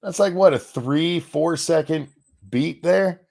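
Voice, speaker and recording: A man hosting a show, giving sarcastic, mocking commentary over news clips, his voice swinging between loud and soft. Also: fairly high pitch, slow, creaky. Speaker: show host.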